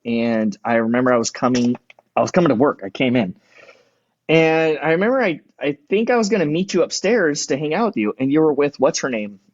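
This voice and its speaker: His voice on the high side and his intonation lively, the firefighter and EMT speaks briskly on a dull recording with no room sound. As a podcast guest in casual chat, he spins profane, rowdy tales and acts out people's words.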